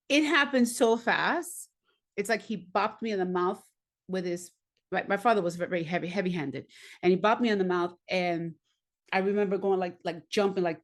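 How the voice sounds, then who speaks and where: A middle-aged woman who grew up in the United States, telling personal stories in a candid, animated way and acting out the voices of people she quotes. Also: on the low side, moderate pace. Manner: animated, acts out voices and laughs often. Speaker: podcast guest, singer.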